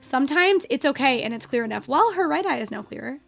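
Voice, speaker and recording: A woman's voice: high-pitched, animated, quick pace, vocal fry, a bit bright. A young adult woman streaming a game, chatting casually with viewers and swearing at the game while she teaches. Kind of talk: casual live-stream chat. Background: faint guitar music.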